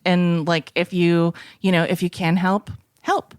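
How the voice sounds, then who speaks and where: A woman's voice: lowish voice, little pitch movement, measured pace, smooth, dry recording. Frank, chatty woman, dry sound. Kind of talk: casual chat.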